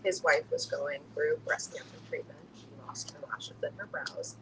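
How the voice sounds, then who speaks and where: A woman's voice: low-pitched, huge pitch swings, moderate pace, noisy background. A young woman who runs a skincare business, talking casually and laughing often. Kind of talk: casual chat.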